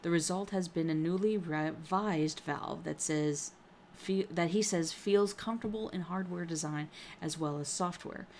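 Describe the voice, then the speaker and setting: A woman with a fairly low voice co-hosts a casual gaming podcast, reading news stories aloud. She stumbles over words and laughs at her own slips. A faint hiss of noise sits under the recording. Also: a little slow, darkish tone.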